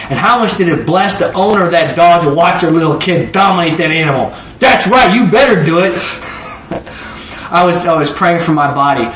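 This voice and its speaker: A man in his forties preaching a sermon in a conversational, animated way, often asking his listeners questions. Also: fairly high pitch, slight background noise. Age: 40s. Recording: roomy echo, voice from far off.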